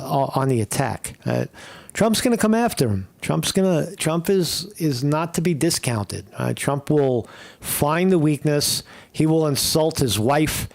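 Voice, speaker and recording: A man hosting a casual political commentary stream, rambling and blunt with frequent swearing. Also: a little high. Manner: blunt, profane, rambling opinions. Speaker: host.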